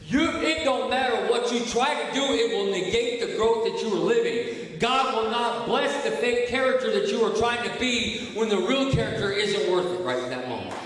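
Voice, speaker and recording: Give me a man with a high voice preaching with passion to a recovery group, recorded from far back in a hall with a long echo. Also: expressive, normal speed, hardly any pauses. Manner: impassioned, swings from low and hushed to loud. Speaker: recovery ministry speaker. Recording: echoey hall, mic from far off.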